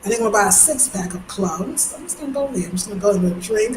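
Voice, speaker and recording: A woman from New York, chatting casually in a vlog, slangy and animated, breaking into high mimicking voices. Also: fast talker, hardly any pauses. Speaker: vlogger. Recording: echoey space with faint ambient noise.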